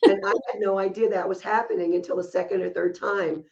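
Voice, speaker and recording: A woman's voice: mid-range voice, fairly even intonation, fairly quick, darkish tone, dull audio. A woman co-hosting a podcast, telling stories in casual chat and laughing often as she talks. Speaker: podcast co-host.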